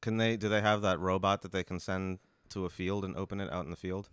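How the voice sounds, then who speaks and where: A man's voice: sits low, flat delivery, clear, resonant tone, no echo, studio quality. A man in casual chat, reacting with disbelief and laughter and firing back questions. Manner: incredulous, laughing, quick questions. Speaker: podcast co-host answering the hypothetical.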